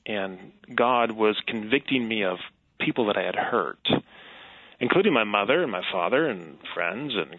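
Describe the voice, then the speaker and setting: A middle-aged man from Wisconsin tells his story as an interview guest, earnest and reflective, now and then laughing softly. His voice carries a gravelly fry. The sound is dry and squeezed through a narrow, phone-like band. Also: on the low side, dry recording. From Wisconsin, USA. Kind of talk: personal testimony in an interview. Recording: tinny phone-like line.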